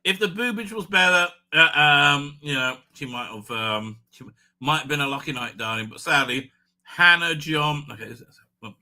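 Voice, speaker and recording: A man's voice: mid-range voice, normal speed, sharp tone. A man hosting a casual livestream, rambling crudely with many fillers and tag questions. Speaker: livestream host.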